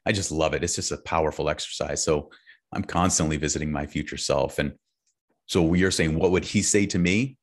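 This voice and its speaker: A man with a very deep, low voice, chatting warmly as a guest author. He sounds upbeat and enthusiastic, dropping easygoing slang as he talks. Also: brisk. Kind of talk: casual heartfelt conversation.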